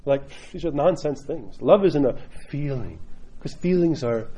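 Husky priest guy, kinda high voice, blunt jokey sermon, dull lo-fi sound. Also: lively intonation, unhurried, warm tone. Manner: blunt, joking, emphatic. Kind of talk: informal sermon talk.

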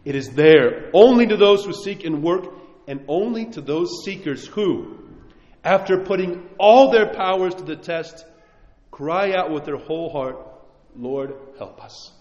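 Male priest, sermon, fervent and chatty, sudden hushed drops, reverberant church. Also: sits high, animated, unhurried, muffled recording. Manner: impassioned, conversational preaching with sudden quiet drops. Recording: echoey church hall.

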